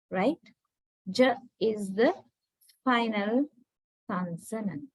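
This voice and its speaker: A woman teaching a class, slowly and deliberately repeating words to drill pronunciation. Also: a little high, animated, no room sound, low-quality recording. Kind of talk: classroom lecture.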